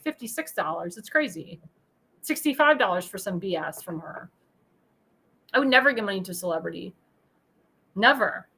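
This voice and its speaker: Woman, talk show host, high voice, swooping pitch, ranting political monologue, heated, insulting, angry shouting bursts. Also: slightly rough, rough recording.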